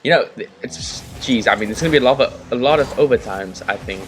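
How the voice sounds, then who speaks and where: A man casually commentating a game from his bedroom, rambling and chatty with bursts of excitement, on a laptop mic. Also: medium pitch, a little fast, faint music behind. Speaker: gaming commentator and host. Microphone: laptop built-in mic.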